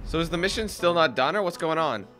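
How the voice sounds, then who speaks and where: Gamer guy narrating his playthrough, slightly high voice, swears a lot, game music going loud behind him. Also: expressive, quick pace. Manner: casual, profane, bursts into frustrated shouting. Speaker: gaming channel host. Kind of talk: let's play commentary. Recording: game music playing underneath. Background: video game music and sounds.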